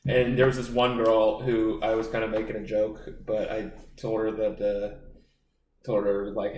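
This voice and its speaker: Low-voiced guy rambling through crude podcast stories, faint hiss behind, sounds a bit far off. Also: completely flat delivery, a little slow, a little mellow, echoey room. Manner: rambling, filler-heavy storytelling. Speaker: podcast co-host. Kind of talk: crude casual chat.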